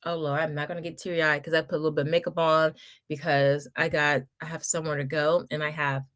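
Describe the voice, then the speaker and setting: A woman's voice: low voice, little pitch movement, fast talker. Middle-aged woman on a home livestream, chatting casual and encouraging, lots of laughs and restarts. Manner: Southern-style address to viewers. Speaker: homeschool channel host. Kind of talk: casual livestream chat reading comments.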